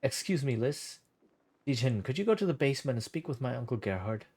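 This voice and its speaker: A man voicing a gentle male gnome adventurer in a game, speaking quietly and tenderly. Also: mid-range voice, very animated, brisk, husky.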